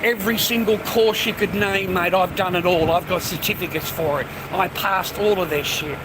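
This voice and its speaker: Aussie vlogger, middle-aged man, high pitch, aggressive repetitive profane rant, noisy street recording with vehicles. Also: fairly even intonation, moderate pace. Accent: Australian. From Australia. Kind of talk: profane ranting monologue.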